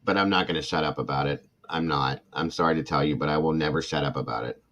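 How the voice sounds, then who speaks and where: A man's voice: a bass voice, quick pace, a bit bright. A middle-aged man hosting a true crime livestream, ranting with indignant passion, reading comments from chat and apologizing between outbursts. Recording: dull lo-fi sound.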